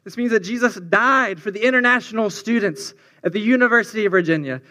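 A man's voice: high-pitched, fast talker, bright, forceful tone. A man preaching a sermon to students, earnest and building on repeated refrains. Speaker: campus preacher.

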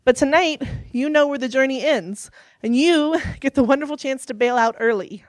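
Young woman preacher, earnest storyteller, slightly high voice, dry close recording. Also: moderate pace, no room sound. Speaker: youth speaker. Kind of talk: sermon.

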